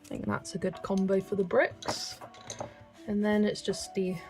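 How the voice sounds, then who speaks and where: A woman's voice: mid-range voice, flat delivery, a little slow, darkish tone, soft background music. A woman hosting a colouring livestream, chatting casually and thinking aloud as she picks colours. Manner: chatty, thinking aloud, reads chat messages. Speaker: livestream host. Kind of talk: casual chat while colouring.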